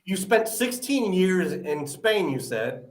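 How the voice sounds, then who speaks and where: A man's voice: sits high, very animated, takes it slowly. A man hosting a live-stream podcast, chatting upbeat with lots of "uh" fillers. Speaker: podcast host. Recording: roomy echoey audio.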